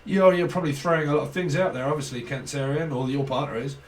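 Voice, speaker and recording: A man's voice: on the high side, quick pace, recorded from a distance. A man giving a casual channelled tarot reading, rambling, swearing often and laughing between thoughts. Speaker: tarot reader.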